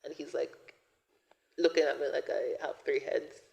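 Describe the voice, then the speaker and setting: A man in his twenties hosting a podcast, telling a personal story in a rambling way, full of fillers and often dropping to a breathy whisper. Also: fairly high pitch, level tone, moderate pace, darkish tone, poor audio. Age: 20s. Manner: rambling, frequent "like" and "you know" fillers. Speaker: podcast host.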